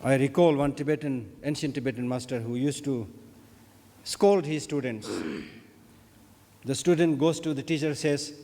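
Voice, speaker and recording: A man with a warm, mellow voice delivers a formal opening address at a conference. He speaks in an earnest, measured way, and his words ring out with a long reverb from a large hall. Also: on the high side. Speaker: Buddhist scholar giving an opening address. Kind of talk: formal ceremonial speech.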